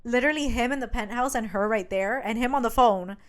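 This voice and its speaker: A woman's voice: a little high, fairly quick. A woman co-hosting a podcast, animatedly retelling a book's plot in casual chat, swearing and acting out the characters' lines. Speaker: podcast co-host. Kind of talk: casual chat recapping a book.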